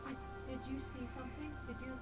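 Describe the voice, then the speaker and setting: High-voiced stammering woman player. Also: level tone, fast, over loud music. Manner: hesitant, stammering. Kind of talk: in-character play at a game table.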